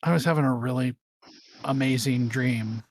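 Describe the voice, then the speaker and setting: A man voicing a fanged male captive creature that taunts slowly and menacingly. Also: mid-range voice, a little hiss or hum, close to an everyday voice. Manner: slow, gloating menace.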